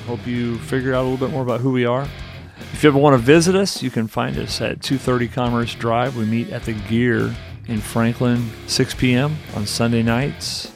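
Gravelly man reading a church promo. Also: mid-range voice, fairly even intonation, moderate pace. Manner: friendly, jokey radio-style delivery. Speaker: pastor. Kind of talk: promo announcement. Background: guitar music.

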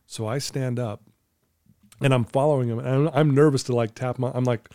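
A middle-aged man telling his own life story as a guest, earnest and candid, at times emotional and clearing his throat. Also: mid-range voice, fairly even intonation, quick pace, mellow, no room sound, studio quality. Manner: earnest, candid, storytelling with quoted inner thoughts. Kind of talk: emotional personal testimony.

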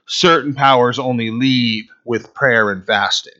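A male pastor preaches with real energy, pushing some lines out loud and dropping to near-quiet asides. His voice sits at a middle pitch. The recording is dull and lo-fi. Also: normal speed, few pauses. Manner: animated preaching, swings between loud emphasis and quiet asides. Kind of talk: sermon.

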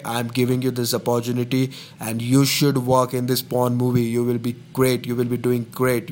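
A man making a prank phone call, insistently pitching a fake casting offer. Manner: insistent, smooth-talking recruiter pitch. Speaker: prank caller.

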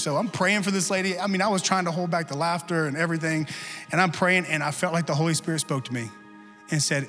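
Preach with a fairly high voice in a reverberant church, lively and joking, with soft music underneath. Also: male voice, fast. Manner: lively, conversational preaching with humor. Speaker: pastor. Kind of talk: sermon. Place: church sanctuary.

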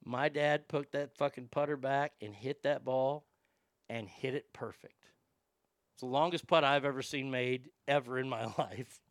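A man casually telling a profane, animated anecdote and often laughing as he talks. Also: medium pitch, measured pace, no room sound, clean studio sound.

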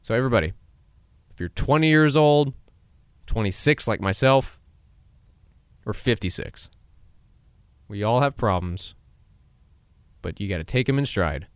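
A man's voice: on the low side, expressive, measured pace, long pauses, clear, resonant tone, dry recording, studio quality. A man in his twenties hosting a solo podcast, talking casually and giving pep-talk advice, acting out quotes and laughing at himself. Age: 20s. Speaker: podcast host.

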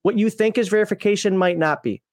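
A man's voice: sits high, quick pace, darkish tone, dry recording, studio quality. A man hosting a live stream, talking casually in a rambling, joking way and chuckling often. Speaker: podcast host.

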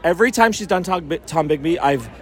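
A man's voice: a little high, expressive, some chatter behind. A man hosting casual chats with concert fans outside a venue, joking, teasing and swearing freely. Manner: quick, playful, swears freely. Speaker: host interviewing concert fans.

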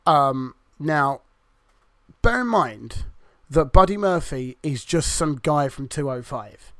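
A man's voice: on the high side, animated, slow, fairly bright tone, no room sound, studio quality. Rambling, sweary man reviewing wrestling. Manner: rambling, swears freely, acts out wrestlers' lines. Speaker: podcast co-host. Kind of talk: casual wrestling review chat.

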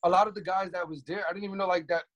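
A man's voice: high voice, steady tone, rapid-fire, fairly bright tone, highs cut off. A man, a wrestler guest in a casual interview, talking in a laid-back slangy way full of "like".

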